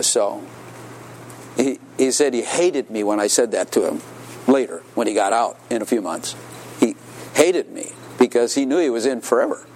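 A man relating a story in a loose, conversational way, with a middling pitch for a man. He laughs along with his own tale and slips into the voices of the characters he quotes. Faint ambient noise sits under his voice. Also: darkish tone. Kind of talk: casual anecdotal storytelling.

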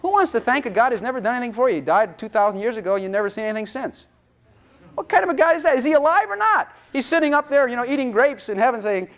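A man delivers an emphatic sermon in a strikingly high voice that swoops up and down. He keeps asking the congregation questions and slips into speaking as God. The recording sounds dull and lo-fi. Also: big pitch swings, very fast. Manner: emphatic, rhetorical questions, acts out God's voice. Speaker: preacher.

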